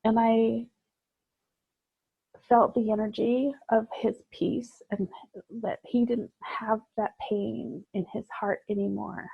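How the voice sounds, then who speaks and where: A woman guest sharing a personal story in conversation, reflective and halting, with many fillers. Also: on the high side, little pitch movement, vocal fry, husky, no room sound, narrow, tinny audio.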